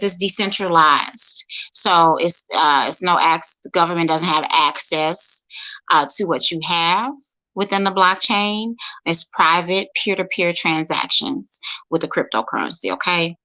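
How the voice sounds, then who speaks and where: A woman from St. Louis, a guest speaker, talking casually over a phone livestream, halting with many fillers and restarts. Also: low-pitched, pushed and bright, low-quality recording. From St. Louis, USA.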